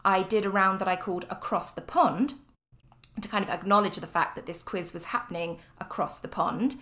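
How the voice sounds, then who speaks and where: A woman's voice: mid-range voice, moderate pace, bright, forceful tone. A young British woman from the UK hosting a podcast in a casual, upbeat solo chat, full of fillers and light laughter. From United Kingdom. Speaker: podcast host.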